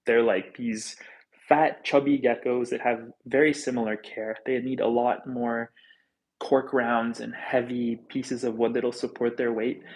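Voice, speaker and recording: Man, 30, gravelly, mid-pitched, rambling casual livestream chat, candid. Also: flat delivery, measured pace, rough recording. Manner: candid, rambling, chatty with frequent fillers. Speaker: reptile channel host.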